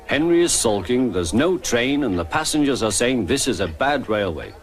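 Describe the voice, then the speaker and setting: A man's voice: mid-range voice, sing-song, normal speed, lightly acted. A man voicing a worried station master. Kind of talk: storybook narration with character voices. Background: background music.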